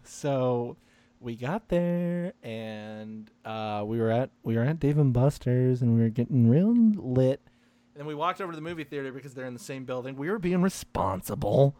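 A man's voice: medium pitch, animated, normal speed, mellow. A young man in casual comedic chat, telling a rambling story with laughs and swearing.

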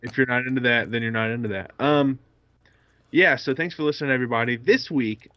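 A man's voice: mid-range voice, fairly quick, no echo, lo-fi sound. A man closing out a casual podcast while tipsy, rambling and crude, often breaking into laughter. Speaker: podcast co-host. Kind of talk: casual drunk podcast outro.

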